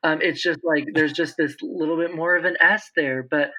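A young man in his twenties, a guest explaining speech patterns in casual conversation, animated, with slightly sharpened S sounds. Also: on the high side, normal speed. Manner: animated, lively, slips into imitated voices. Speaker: interview guest, speech-language pathology student. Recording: dull, lo-fi sound.

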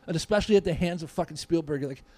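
A man in his forties, a podcast guest, telling stories in an animated, profane, casual way. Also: fairly high pitch, rapid-fire, dry recording.

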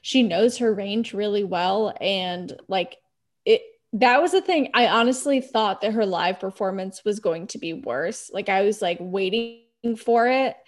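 A woman's voice: medium pitch, unhurried. A young adult woman from Texas, a podcast guest in casual chat, rambling along with many "like"s.

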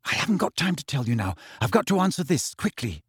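A man's voice: fairly high pitch, very animated, fast, husky, dry recording, studio quality, exaggerated voice. A man doing a bossy teenage schoolgirl. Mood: eager, urgent. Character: anxious earnest teenage girl, bossy and quick.

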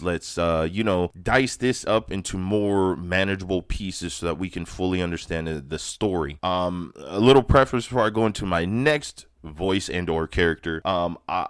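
A man's voice: deep voice, clean tone, dry recording, clean studio sound. A man hosting his own podcast, talking through personal thoughts in a rambling, candid solo monologue with the odd curse. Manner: rambling, candid, sprinkled with profanity. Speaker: podcast host.

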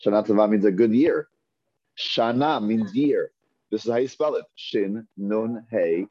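A man teaching Hebrew reading, sounding out words slowly and patiently and repeating them. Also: fairly low pitch, warm tone, dry recording. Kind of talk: slow, patient reading lesson. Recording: dull lo-fi dry recording.

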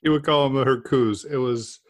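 A man co-hosting a podcast, telling anecdotes in a lively, casual way during a technical discussion. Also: mid-range voice, moderate pace, dry recording, studio quality. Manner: animated storyteller, fond of anecdotes. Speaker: podcast co-host.

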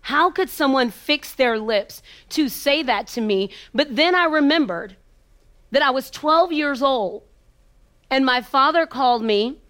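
A woman speaker telling a personal story with an emphatic, repetitive rhythm and dramatic pauses, sometimes sinking to a hushed near-whisper. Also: high-pitched, animated. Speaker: motivational speaker.

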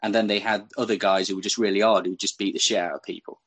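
A man's voice: lowish voice, steady tone, fast talker, fairly bright tone, husky, dry recording. A man as a podcast co-host, chatting about a film in an amused, incredulous way. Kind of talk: casual chat.

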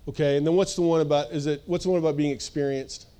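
Man preaching to a congregation, chatty and animated, voice slightly high. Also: fast talker, clear, resonant tone. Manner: casual, animated, acts out voices, laughs often. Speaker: pastor. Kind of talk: sermon. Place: church service.

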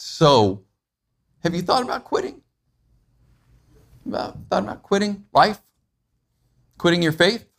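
A man preaching a sermon in a conversational way, asking his listeners questions and acting out everyday moments. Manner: acts out everyday moments with animated pitch jumps. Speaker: pastor.

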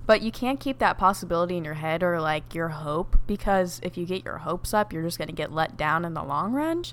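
A woman's voice: on the low side, expressive, fairly quick, hardly any pauses, fairly bright tone. A young woman co-hosting a podcast, frank and giving advice in casual chat, laughing often. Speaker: podcast co-host.

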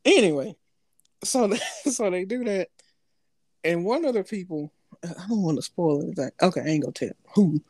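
A man's voice: high voice, lively intonation, normal speed, a little mellow, no room sound. A man co-hosting a podcast, talking loosely in slang and laughing often as he tells stories. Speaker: podcast co-host. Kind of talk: casual chat.

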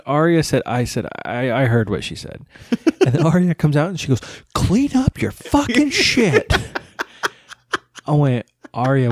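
Casual co-host, man, 30s, lively up-and-down pitch, dry close sound, laughs through his stories. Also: no echo. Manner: laughing storyteller, swears casually. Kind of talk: casual chat.

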